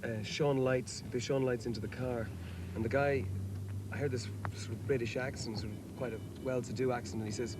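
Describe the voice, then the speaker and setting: A man's voice: mid-range voice, fairly even intonation, a little fast. An Irish man, a rock singer, talking reflectively in an interview and telling stories with many restarts. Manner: reflective, anecdotal, with restarts and fillers. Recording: hissy old VHS tape.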